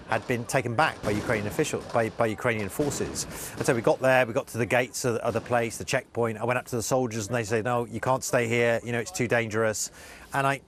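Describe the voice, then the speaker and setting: A male correspondent reporting live in a news interview, earnest and halting with many restarts. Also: medium pitch, slight background noise.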